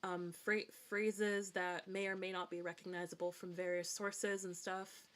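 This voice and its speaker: A woman's voice: lowish voice, little pitch movement, normal speed, a bit bright. A woman streaming a game, chatting casually and rambling with frequent restarts and giggles, with a hard-to-place accent that mixes formal and informal words. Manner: rambling, self-correcting, giggly. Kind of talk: casual gaming stream chat.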